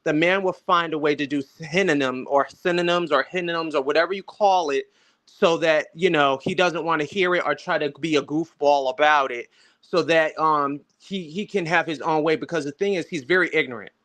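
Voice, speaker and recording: Rambling man with a slightly high voice. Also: normal speed, fairly bright tone. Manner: rambling, repeats himself, swears. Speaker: panel host. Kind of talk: casual panel discussion. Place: online video call.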